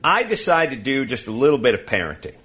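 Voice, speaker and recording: Animated, bright-voiced man telling stories. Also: mid-range voice, quick pace. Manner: animated, ranting, laughing. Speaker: podcast host. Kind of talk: casual comic storytelling.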